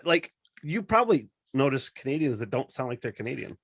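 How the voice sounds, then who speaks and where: Casting: man, mid pitch, dry close sound, loose profane podcast host. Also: big pitch swings, fairly quick, husky, dry recording. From northern Michigan. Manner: profane, laid-back, rambling. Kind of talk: casual chat.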